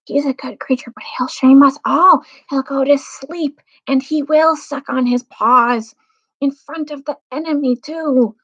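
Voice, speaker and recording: A gruff, blunt dwarf who hisses his warnings in an urgent, raised whisper, as a woman puts him on. It is a storybook reading heard through a dull, lo-fi recording. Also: sits high, steady tone, measured pace, fairly bright tone, voice pushed up.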